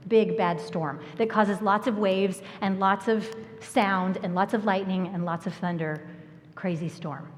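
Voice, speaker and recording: A woman preaching a sermon, telling the story with lively acted-out lines and sudden hushed asides. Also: mid-range voice. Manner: animated storytelling, acting out voices and dropping to a whisper. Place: church sanctuary. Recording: long church hall reverb.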